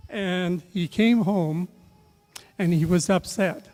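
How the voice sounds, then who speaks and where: Older man, memorial anecdote, halting delivery, dark tone, long hall reverb. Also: high-pitched, faint music behind. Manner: halting, many filler pauses and restarts. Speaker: speaker sharing a memory at a memorial. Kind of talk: rambling personal anecdote. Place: event room at a memorial service.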